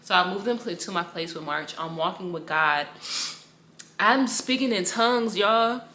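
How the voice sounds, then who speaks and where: A woman's voice: mid-range voice, unhurried, bright, forceful tone, reverberant, slight background noise. A young woman giving a personal faith testimony in a casual, rambling way, with slang and a lot of repetition. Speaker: Bible study teacher.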